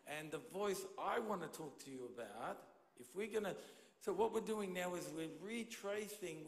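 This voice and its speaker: A man preaching to a church congregation, his somewhat high voice carried by a handheld microphone. He talks in a conversational way and keeps checking in with his listeners. The sound rings around a large, reverberant hall. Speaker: pastor. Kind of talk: sermon. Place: church auditorium. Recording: echoey hall with long reverb.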